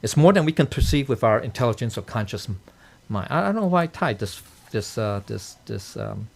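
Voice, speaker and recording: Male teacher, gravelly voice, animated pitch, loose rambling lecture delivery. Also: fairly quick. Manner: rambling, lots of filler and "okay?" checks, chuckles. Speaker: Dao study teacher. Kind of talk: casual spoken lecture. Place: temple study session.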